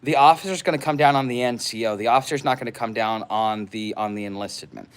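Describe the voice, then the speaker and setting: Man, vlogger, loose monologue to his viewers, halting delivery full of ums and restarts, mid-pitched voice. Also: clean tone. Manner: rambling, halting, many fillers and restarts. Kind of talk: casual unscripted monologue.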